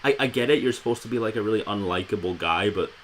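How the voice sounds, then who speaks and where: A man's voice: lowish voice, fast, slight background noise, rough recording. A man co-hosting a podcast, chatting casually about an old film in a wry, amused way. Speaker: podcast co-host.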